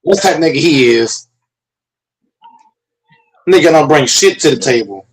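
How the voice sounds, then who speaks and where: A man's voice: on the high side, lively intonation, unhurried, rough recording. A man from Dallas, Texas, talking sports in a brash, profane, trash-talking way. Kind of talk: casual sports chat.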